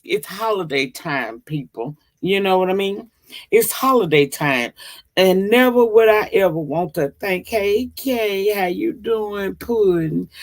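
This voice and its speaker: Slow-talking woman hosting a livestream. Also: sits low. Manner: chatty and profane, greeting viewers by name; slow, drawn-out delivery. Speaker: livestream host. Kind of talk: casual livestream chat.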